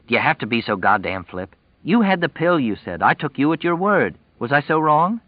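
A man's voice: on the high side, sing-song, a little fast, no room sound, highs cut off, pitched above the performer's own voice. A man voicing a frustrated, defensive young man who pleads and snaps by turns. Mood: pleading. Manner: pleading and exasperated.

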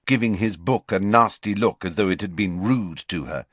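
A man reading a storybook aloud as narrator, expressive and varied. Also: sits low, normal speed, few pauses, no room sound. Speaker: audiobook narrator.

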